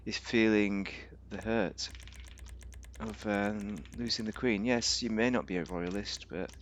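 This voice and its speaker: A man's voice: lowish voice, steady tone, measured pace, slight background noise. A man giving rambling, casual commentary on a game, thinking aloud with fillers and restarts. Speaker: game reviewer.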